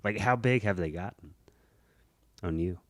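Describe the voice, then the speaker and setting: Low-voiced man in his late twenties. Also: no room sound. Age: late 20s. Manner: chatty, quick to laugh and prod with questions. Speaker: podcast co-host. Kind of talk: casual chat.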